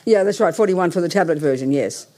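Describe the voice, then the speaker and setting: This English session leader has a warm, lowish voice with lively intonation and a quick pace. She's addressing a meeting room audience plus remote listeners, rambling and cutting herself off as she organizes things on the fly.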